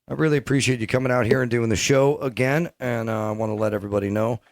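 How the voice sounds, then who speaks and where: A man's voice: mid-range voice, steady tone, fast. A man hosting a podcast, wrapping up the show with laid-back, friendly banter. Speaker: podcast host. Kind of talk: casual podcast outro.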